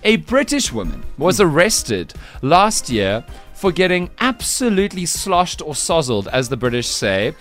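A man's voice: on the high side, very animated, measured pace, fairly bright tone, faint music behind. A man hosting a playful radio news quiz, teasing his co-hosts and often laughing. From South Africa. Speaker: radio show host.

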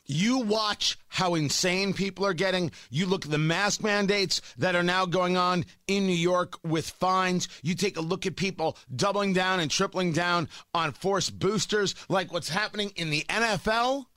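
A man's voice: high voice, moderate pace, few pauses, sharp tone, dry recording. A middle-aged man hosting a talk radio show, giving a brash, emphatic monologue with joking asides into a studio microphone.

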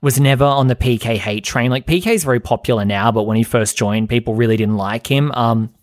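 Male podcast host, gossipy and chatty, medium pitch, dry close mic. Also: fairly quick, dry recording. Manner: chatty, gossipy, dramatic mimicry in falsetto. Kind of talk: casual chat recap.

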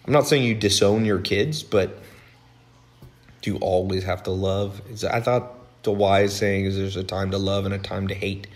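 A man hosting a podcast, talking bluntly and animatedly in a casual monologue, his voice swinging between loud and low. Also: steady tone, normal speed. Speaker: podcast host.

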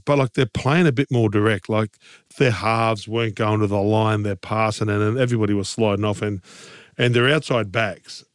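A man's voice: fairly low pitch, fairly even intonation, moderate pace, clear, resonant tone, no room sound, studio quality. An Australian man co-hosting a casual sports podcast, talking in a rambling, teasing way full of fillers. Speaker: co-host.

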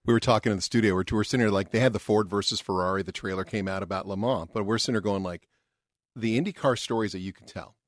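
A quick-talking man hosting a casual chat, joking and firing off questions. His voice is mid-pitched. The sound is dry and close. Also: no echo. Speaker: podcast host.

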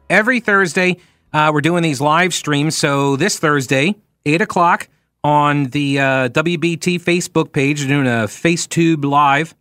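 Faint music plays behind a talk radio host speaking into a studio microphone in a radio studio. His fairly high, slightly bright, a-bit-nasal voice carries a Long Island accent as he moves at a measured pace through a chatty, rambling monologue dotted with wry asides.

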